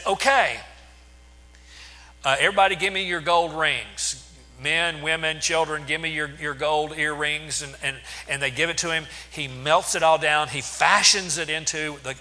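A man's voice: a little high, pushed and bright, long reverb tail. A man preaching a sermon, retelling scripture in plain words with restarts and asides.

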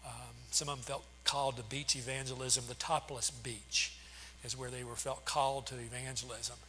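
A sharp-toned, mid-range voice with little pitch movement and normal speed belongs to a pastor in his sixties preaching a sermon. His storytelling is full of restarts and fillers, captured with long hall reverb and a faint hum.

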